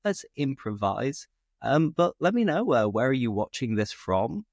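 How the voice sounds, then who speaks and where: A man's voice: medium pitch, big pitch swings, measured pace, vocal fry, no room sound. A British man hosts a casual conversation over a video call. He is upbeat and chatty, and his voice rises and falls a great deal. The sound is dry and close to the mic. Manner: upbeat, chatty, explains expressions. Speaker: host. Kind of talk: casual chat.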